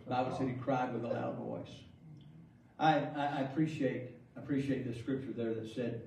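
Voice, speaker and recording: A man's voice: medium pitch, slow pace, vocal fry, long pauses, a little mellow, lo-fi sound. Male preacher, joking storyteller, distant mic in a reverberant sanctuary, faint room hum. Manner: jokey storytelling, laughs often. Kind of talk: preaching a sermon. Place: large church sanctuary. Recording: echoey hall from far off.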